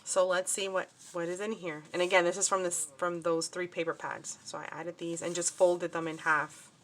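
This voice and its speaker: A crafting vlogger from New Jersey, USA, casually shows off a handmade project, though she sounds upset and shaken. Her fairly low, fairly bright voice stays flat at a normal speed, and her talk is scattered with many fillers and restarts. Slight background noise is present.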